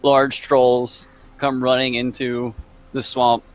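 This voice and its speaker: A man narrating as dungeon master for a tabletop game, halting with many fillers. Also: medium pitch, level tone, low-quality recording.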